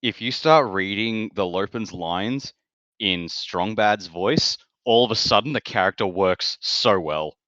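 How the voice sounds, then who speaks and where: A man's voice: lowish voice, measured pace, bright, forceful tone, no echo, highs cut off. A man co-hosting a podcast, chatting casually in a rambling way that corrects itself as he goes. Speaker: podcast co-host. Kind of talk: casual chat.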